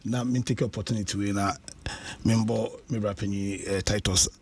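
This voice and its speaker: A man's voice: fairly low pitch, fairly even intonation, normal speed, a little hiss or hum. A Ghanaian man on a radio panel who greets people and stammers and restarts his words as he talks. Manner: hesitant, stammers on word starts. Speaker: political panelist.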